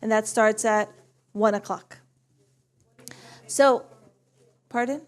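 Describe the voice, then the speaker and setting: Woman event organizer with a slightly high voice, slow and measured, giving church announcements. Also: steady tone.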